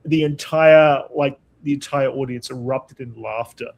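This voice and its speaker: A man's voice: mid-range voice, fairly even intonation, unhurried, vocal fry. A young man telling a camp story in casual chat, laughing often as he goes. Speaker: guest.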